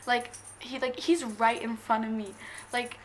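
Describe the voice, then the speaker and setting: High-voiced young woman gushing to camera. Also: steady tone. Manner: gushing, rambling, quick jumps between thoughts. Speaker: vlogger. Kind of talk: excited storytelling to camera.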